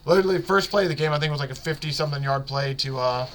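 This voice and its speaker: A man hosting a sports podcast, talking casually and excitedly about football games, often correcting himself and circling back mid-sentence. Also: on the high side, rapid-fire, slight background noise. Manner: rambling, excitable, self-correcting. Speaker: podcast host.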